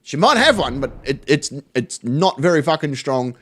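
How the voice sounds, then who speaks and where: A man's voice: on the high side, very animated, normal speed, a bit bright. A man hosting a live stream, chatting casually and telling jokes, often swearing. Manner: sweary, joking storyteller.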